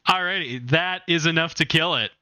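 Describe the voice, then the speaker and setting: Lively bright-voiced male game master. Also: on the high side, brisk, dry recording. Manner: animated, laughs often while narrating. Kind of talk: narrating a tabletop game.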